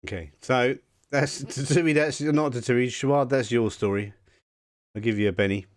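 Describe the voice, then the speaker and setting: A man's voice: mid-range voice, moderate pace, dry recording, clean studio sound. A man as game master of a tabletop game, in easygoing casual chat.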